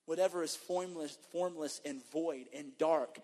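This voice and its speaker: A male guest preacher with a somewhat high voice delivers an emphatic sermon and slides into animated storytelling. The sound carries a long, lingering reverb from a church sanctuary. His delivery keeps pressing on each point. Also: a little slow. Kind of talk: sermon and testimony.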